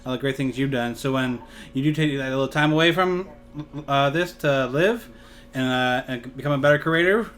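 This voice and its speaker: A man's voice: mid-range voice, moderate pace, fairly bright tone. A man interviewing a guest in casual talk, hesitant and repeating words, offering encouragement.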